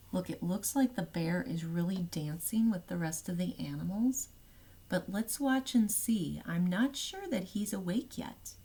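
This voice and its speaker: A woman reads a picture book aloud to children, taking her time over every line. Her voice is mellow and warm. She makes it expressive and slips into hushed whispers for the refrains. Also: on the low side, husky. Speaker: storyteller.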